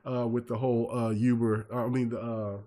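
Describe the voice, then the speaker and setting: A man hosting a gaming podcast, telling stories in a lively, rambling way full of fillers and restarts. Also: medium pitch, brisk. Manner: animated storyteller, many fillers and restarts. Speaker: podcast host. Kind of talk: casual chat.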